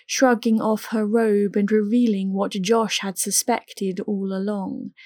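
A woman narrating an erotic story in an unhurried, even reading. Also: medium pitch, no room sound, studio quality. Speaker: audiobook narrator.

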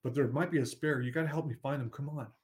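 A man's voice: medium pitch, fast, lightly acted. A man voicing a young sister who speaks urgently and insistently in a storybook.

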